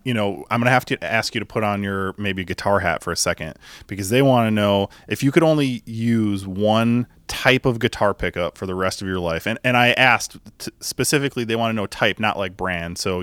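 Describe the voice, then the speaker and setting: A man's voice: on the low side, fairly bright tone, dry recording. A man hosting a podcast, chatting casually, laughing often and swearing now and then. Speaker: podcast host. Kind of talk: casual chat.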